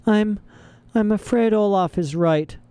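A man voicing a soft-hearted, tearful female judge in a storybook, speaking carefully and gently. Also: on the high side, lively intonation, unhurried, clean tone, dry recording, voice pushed up. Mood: earnest.

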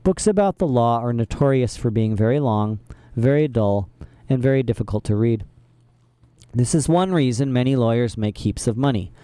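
A man reads a children's novel aloud in a wry, expressive way. His voice has a warm, mellow tone. The recording is dry and close to the mic. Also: medium pitch, moderate pace, smooth, no room sound. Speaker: reader. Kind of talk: reading a children's book aloud.

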